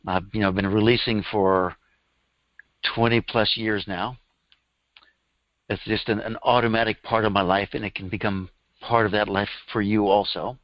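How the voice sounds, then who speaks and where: A man's voice: lowish voice, steady tone, moderate pace, long pauses, no room sound. Middle-aged male workshop teacher, conversational storyteller, dry dull lo-fi recording. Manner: chatty storytelling, laughs at his own stories. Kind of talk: live workshop talk. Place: room with a live audience.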